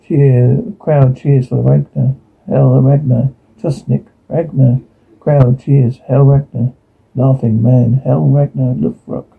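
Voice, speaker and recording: A man reading aloud a TV episode's audio description and dialogue in a flat way, often stumbling and repeating words. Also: medium pitch, gravelly, husky. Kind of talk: reading aloud a transcript with sound cues. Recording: tinny phone-like sound.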